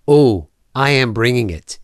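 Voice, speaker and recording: A man's voice: medium pitch, lively intonation, measured pace, dry recording, studio quality, natural voice. A man voicing a wry, offhand sidekick in a comedy sketch.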